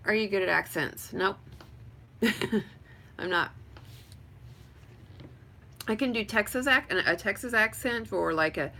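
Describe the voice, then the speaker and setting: A woman's voice: mid-range voice, takes it slowly, vocal fry, pauses often, bright, forceful tone. A woman from New Mexico chatting casually on a livestream, rambling through viewer questions with lots of fillers and frequent laughs. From Hobbs, New Mexico. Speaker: vlogger. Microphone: webcam or phone livestream.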